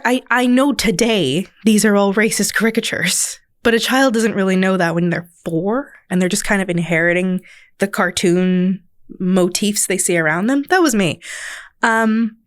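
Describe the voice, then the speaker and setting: A woman's voice: medium pitch, no echo, studio quality. A woman hosting her own podcast, telling a childhood story in a casual, rambling way, correcting herself and laughing now and then. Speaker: podcast host.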